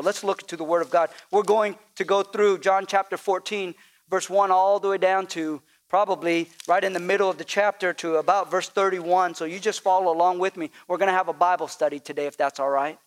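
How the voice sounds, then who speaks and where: A male pastor preaching a sermon, with call-and-response and repetition that builds to emphatic peaks. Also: on the high side.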